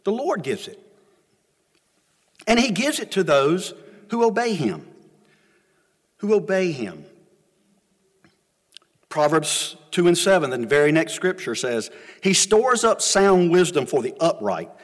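A middle-aged pastor, preaching a sermon in a folksy storytelling way that swings between loud and soft. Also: male voice, sits high, big pitch swings, slow pace, pauses often, big-room sound. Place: church sanctuary.

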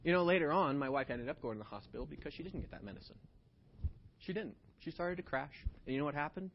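A man preaching a sermon, telling a personal story in an animated way that swings between hushed and loud. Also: fairly high pitch, fast talker, slight background noise. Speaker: pastor. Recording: dull lo-fi sound.

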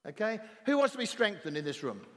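A man with a southern English accent preaching a sermon as a visiting pastor, emphatic and at times rising almost to a shout. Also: high voice, very animated, fast talker. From southern England. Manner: emphatic, rising to near-shouting on key phrases. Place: church hall. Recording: reverberant church hall.

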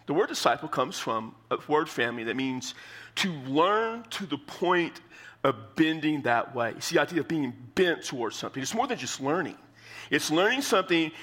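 Guy preaching a sermon, bright clear voice, talks like he's chatting w/ the congregation. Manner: conversational, emphatic, acts out quotes with shifting pitch. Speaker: pastor.

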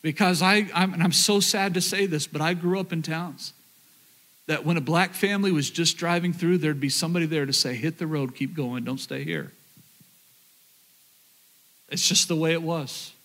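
Southern pastor, male, higher voice, earnest sermon storyteller who restarts phrases. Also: fairly even intonation, a little fast, fairly bright tone. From rural Oklahoma, USA. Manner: earnest, repeats words, addresses the crowd.

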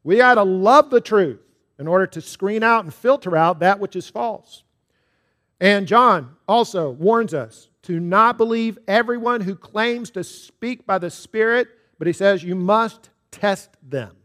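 A man's voice: high voice, a little slow, a bit bright. A man, a pastor, preaching a sermon to his congregation, mixing scripture with a told joke.

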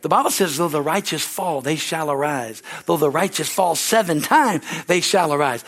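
A middle-aged man preaching a sermon as pastor, fervent and repetitive, rising to shouted exhortations. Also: high-pitched, fairly quick, hardly any pauses, some chatter behind.

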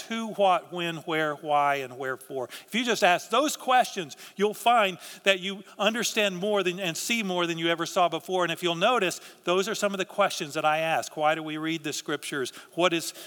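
A man's voice: high voice, fairly bright tone. A man preaching a sermon as pastor, earnest and conversational, often restarting his sentences. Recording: long reverb of a large hall.

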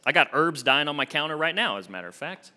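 A young adult man, an associate minister, preaching a sermon with expressive swings from emphatic to hushed. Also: fairly high pitch, fast.

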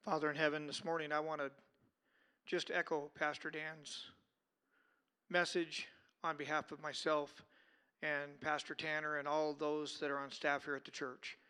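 Smooth-voiced man leading prayer. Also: a little high, normal speed. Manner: steady, earnest praying. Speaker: pastor. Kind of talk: closing prayer. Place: church service.

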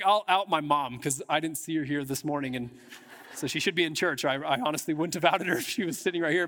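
A man's voice: on the high side, a bit bright. A man preaching a sermon to his church in a casual, chatty way, with frequent restarts and filler words. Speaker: pastor. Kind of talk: conversational sermon. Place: church sanctuary. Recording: long hall reverb in a church.

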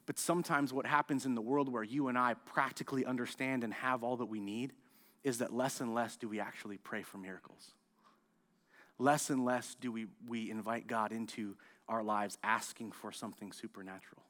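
A male pastor from the United States preaching a sermon, telling the story with animated, acted-out outbursts. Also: medium pitch, normal speed. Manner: animated storytelling, acts out scenes, loud excited outbursts.

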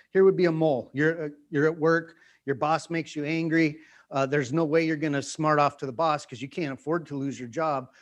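A man preaching as a pastor, animated and acting out everyday scenes, often putting questions to his listeners. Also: a little high. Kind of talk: sermon teaching.

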